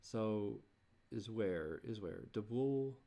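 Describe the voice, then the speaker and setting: A man thinking aloud while he composes, muttering in halting restarts and groaning at himself. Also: lowish voice, lively intonation, vocal fry, mellow. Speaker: creator working on a song.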